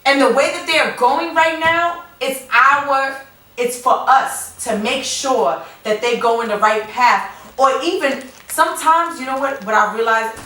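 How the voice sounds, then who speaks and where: A woman's voice: high voice, a little slow, bright, forceful tone, reverberant, recorded from a distance, rough recording. A woman hosting a radio show, talking in an effusive, joking way about faith, often stumbling and repeating words. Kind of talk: emotional, faith-filled talk.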